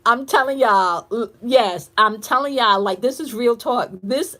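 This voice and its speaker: A woman with a somewhat high voice speaks to her live viewers as an intuitive reader and coach. She is blunt and profane and talks right at them, as if in casual conversation. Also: unhurried, a bit bright. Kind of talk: casual live-stream storytelling.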